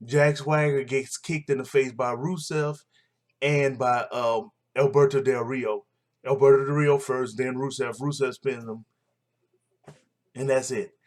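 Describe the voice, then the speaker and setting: Blunt, rambling man. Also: medium pitch. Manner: blunt, opinionated, rambling with fillers. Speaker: wrestling recap vlogger. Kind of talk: casual show recap.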